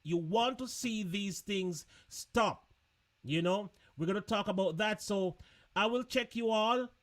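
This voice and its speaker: High-voiced chatty male show host. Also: a little slow. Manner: chatty, loose, laughing, repeats words. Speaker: host of a live online show. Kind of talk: casual live-stream chat.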